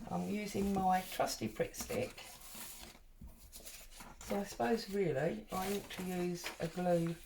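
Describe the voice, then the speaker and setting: Chatty middle-aged woman, gravelly. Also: mid-range voice, darkish tone, a little hiss or hum. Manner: chatty, rambling, wanders off and back to her story. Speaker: craft vlogger. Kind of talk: casual storytelling while crafting.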